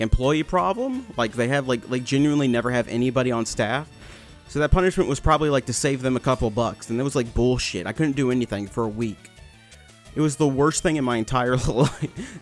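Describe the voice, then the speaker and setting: A young man commentating his gameplay, telling a story in a rambling, swearing way with many restarts. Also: medium pitch. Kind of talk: casual storytelling over gameplay.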